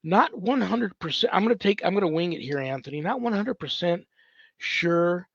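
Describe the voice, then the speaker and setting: A husky-voiced priest rambles through viewer questions from home, thinking aloud with plenty of ums and restarts. His voice sits a little high and sounds dry and close. The sound is dull and lo-fi. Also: lively intonation, normal speed, fairly bright tone, dry recording. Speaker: priest hosting a paranormal ministry show. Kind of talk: casual livestream Q&A.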